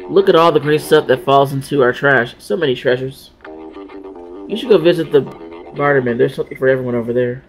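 A man's voice: medium pitch, fairly quick, faint music behind, natural voice, low-quality recording. A man voicing a chatty male robot scavenger in a video game, speaking cheerfully. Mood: pleased.

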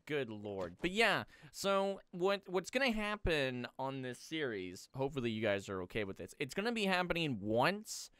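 A young man talks through his game on a headset mic, his clear, resonant voice swinging up and down in pitch as he rants. He sounds exasperated and swears freely, in a casual let's-play style. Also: very animated, normal speed, few pauses, fairly bright tone, no room sound. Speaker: host. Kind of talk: casual gaming commentary.

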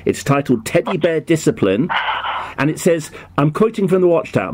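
A man's voice: fairly high pitch, sing-song, moderate pace, darkish tone. A man making a prank phone call in a put-on, poorly done American accent, hesitant and mock-innocent, full of ums and restarts. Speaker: prank caller.

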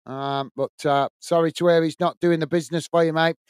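A man's voice: a little high, fairly even intonation, a little fast, clean tone, no room sound. A man hosting a football watch-along, giving live commentary and chatting with viewers, full of fillers and restarts.

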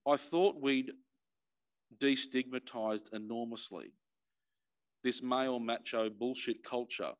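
A middle-aged Australian man speaks in an earnest, emphatic way, at a moderate pitch for a man. He often repeats a word as he restarts a thought, like a commissioner making a personal plea. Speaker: fire and emergency commissioner.

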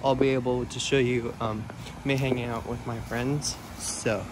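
A man's voice: mid-range voice, steady tone, normal speed, noisy background. A young man casually vlogging in a friendly, rambling way with lots of fillers, talking into an action camera he wears while outdoors at his grandparents' house. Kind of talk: casual vlog chat. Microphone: action camera worn on body.

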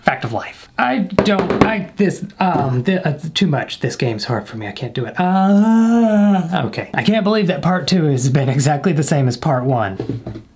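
A man's voice: mid-range voice, big pitch swings, normal speed, a little hiss or hum. A young man casually commenting while playing a horror game, joking with the game and his viewers and sometimes dropping to a whisper. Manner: jokey, talks to the game and viewers, whispers when scared. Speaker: gaming YouTuber.

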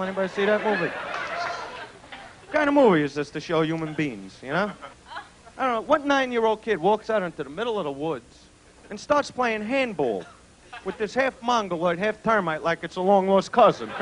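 A man doing a crude stand-up routine, brash and loud, tossing "right?" at the audience. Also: high voice, background noise. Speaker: stand-up comedian. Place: comedy club stage before a live audience. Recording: 1980s club recording with loud crowd laughter.

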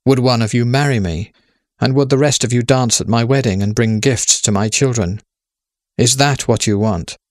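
A man voicing Death as a golden-haired young woman, speaking in a measured, solemn way with pleading questions. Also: medium pitch, no room sound, clean studio sound, natural voice.

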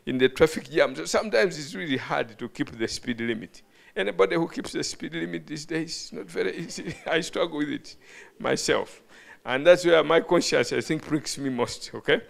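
Gravelly and a little high, the bishop's voice moves at a normal pace. He's preaching a teaching sermon before a live audience in a hall, often stumbling over words and calling out questions to those listening.

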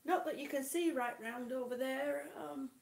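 A woman's voice: sits high, normal speed, vocal fry. A woman from Kansas on oxygen, chatting casually to her live-stream viewers, short of breath and greeting them by name. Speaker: vlogger reading live chat.

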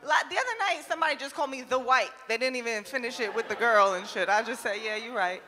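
A young woman from New Jersey doing a stand-up comedy set, brash and loud with lots of swearing, often laughing at her own jokes. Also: a little high, lively intonation, quick pace, big-room sound. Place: comedy club stage.

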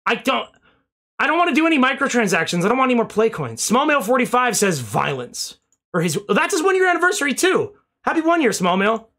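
A man's voice: extremely high pitch, big pitch swings, brisk, sharp tone. A young man streaming, rambling casually through thank-yous to his chat and swearing now and then, a little out of breath.

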